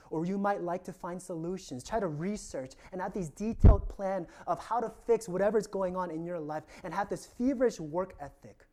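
A male pastor delivers a sermon with an earnest, reflective manner. His voice is mellow and warm, rising for emphasis and then sinking to a soft, near-whispered hush as phrases close. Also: high-pitched.

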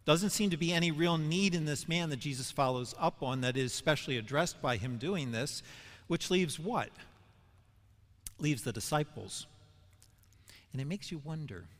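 A man's voice: a little high, normal speed, fairly bright tone. A man giving a Bible teaching sermon, asking questions and building to emphatic peaks. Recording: long hall reverb.

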